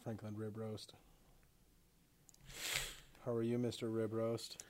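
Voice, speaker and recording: A man's voice: lowish voice, monotone, slow, background noise. A man co-hosting a podcast in casual chat, throwing in short, profane quips and reactions. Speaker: podcast co-host.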